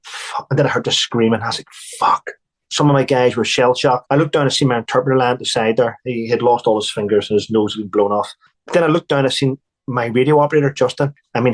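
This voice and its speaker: A man, an army veteran, recounting war stories bluntly and emphatically, swearing and restarting. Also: mid-range voice.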